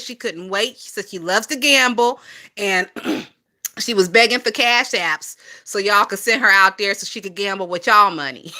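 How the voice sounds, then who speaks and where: Southern woman in her 20s gossiping on a phone stream, cussing a lot, higher voice with a sharp edge. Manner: profane, gossipy, laughs often. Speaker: livestream gossip host. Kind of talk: casual livestream chat.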